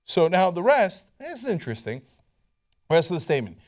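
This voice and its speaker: A man hosting political commentary in a sarcastic, incredulous, animated way. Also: sits high, brisk.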